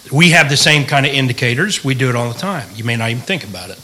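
A man's voice: medium pitch, pushed and bright, low-quality recording. A middle-aged man, a pastor, teaching the Bible in a folksy, joking way and asking the room questions.

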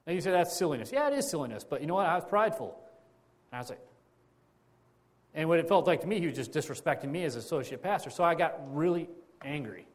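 Male pastor, sermon, chatty storyteller, slightly high voice, lots of restarts. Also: lively intonation, quick pace, pauses often. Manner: conversational storytelling with many restarts and repetitions.

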